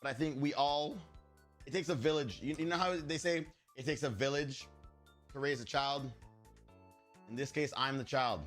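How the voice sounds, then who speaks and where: A man's voice: mid-range voice, moderate pace, pauses often, fairly bright tone, faint music behind. Profane, joking young male streamer. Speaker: live streamer. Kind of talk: casual live-stream chat.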